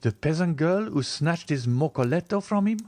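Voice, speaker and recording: A man voicing a polite, curious young male gentleman in an audiobook reading, speaking courteously and asking questions. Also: fairly high pitch, animated, normal speed, no echo, pitched above the performer's own voice, lightly acted.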